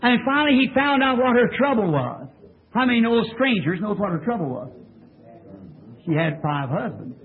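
The speaker, preaching in a church tabernacle, sits high in pitch with big swings and talks at a normal speed. He quizzes the congregation and insists on his points with force, and the old tape recording sounds tinny and lo-fi.

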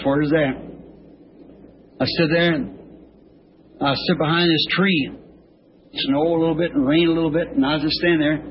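A man preaching to a church congregation, his voice sitting a little higher than most men's. He talks in a folksy, rambling, homespun way and sometimes breaks into high, excited shouts. The old tape makes the sound dull, with a faint hiss behind it. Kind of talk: folksy storytelling sermon.

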